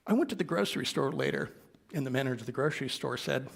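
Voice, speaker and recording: A minister telling a gentle anecdote in a sermon, quoting the people he met along the way. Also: on the high side, animated, quick pace, gravelly. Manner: gentle anecdotal storytelling with quoted dialogue. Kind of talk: storytelling sermon.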